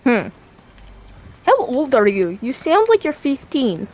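High, playful woman in game chat. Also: wildly swooping pitch, slow pace, a little mellow. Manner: playful, teasing. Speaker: player in online voice chat.

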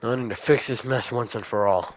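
A young man giving casual let's play commentary, chatting to the game's characters and breaking into excited shouts. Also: mid-range voice, brisk, slight background noise. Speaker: gamer.

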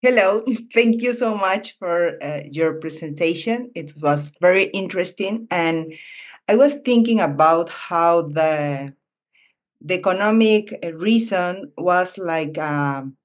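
A woman in the audience asking a question hesitantly, with many pauses. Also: lowish voice, expressive. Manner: hesitant, many fillers and restarts.

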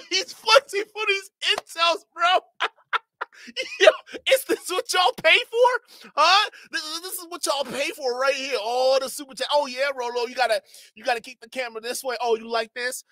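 High-voiced man laughing through stream reactions. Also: moderate pace, pushed and bright, no room sound. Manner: laughs constantly, slangy, mocking. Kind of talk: live-stream reaction commentary.

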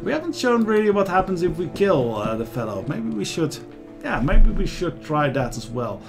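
Animated high-voiced game commentator. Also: male voice, normal speed, creaky, music in the background. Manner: rambling, animated, lots of fillers. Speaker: let's play host.

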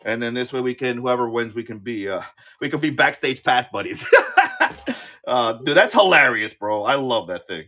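A man in his thirties hosting a live-auction stream in casual chat, excitable, swearing freely and often repeating his words. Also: mid-range voice, normal speed. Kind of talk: casual livestream sales chat.

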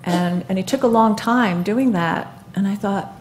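A woman in her seventies speaking onstage at a live event, telling her own story in an earnest, halting way with many fillers and restarts. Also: medium pitch, slight background noise. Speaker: guest speaker. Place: live event stage before an audience.

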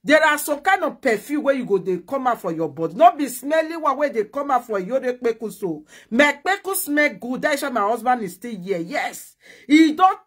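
A woman's voice: high voice, very animated, moderate pace, hardly any pauses, fairly bright tone, slightly rough. A woman speaking Nigerian Pidgin, a talk show host in a heated casual chat, brash and scolding, repeating her points.

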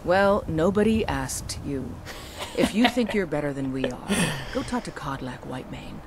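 A woman's voice: sits low, lively intonation, normal speed, very noisy. Brief: proud, disdainful female warrior in a game. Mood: scornful. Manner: haughty, scornful. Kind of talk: video game voice acting.

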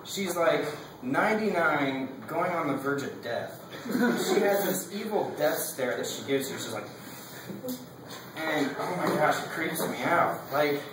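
A man's voice: on the high side, heavy reverb, far from the mic, very noisy. A young man giving a casual class speech. He rambles, fills his talk with "like" and laughs between his points.

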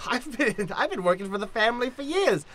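A woman's voice: on the high side, animated, normal speed, a bit bright, dry recording. A woman playing a plain-spoken longtime maid in an improvised old-time radio play, using countrified grammar. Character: folksy longtime female maid of a manor.

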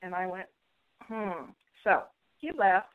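A woman's voice: lowish voice, slow pace. Bubbly woman guest chatting over a tinny phone line, acts out the voices in her story. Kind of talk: storytelling in a radio interview.

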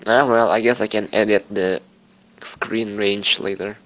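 Young man, game commentary host, rambling, swears a lot, slow gravelly voice. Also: lowish voice, fairly even intonation, fairly bright tone. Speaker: lets-play host.

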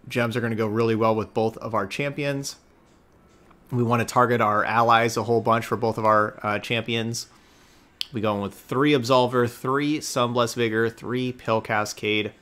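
A man's voice: lowish voice, a bit bright. A man streaming a card game, giving casual commentary as he plays, thinking aloud and correcting himself as he goes.

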